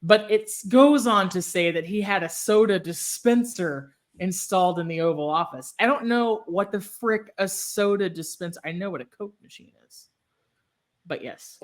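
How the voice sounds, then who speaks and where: A woman's voice: medium pitch, normal speed. Chatty podcast co-host woman from Texas. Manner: chatty, laughs easily, lots of ums. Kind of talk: casual chat.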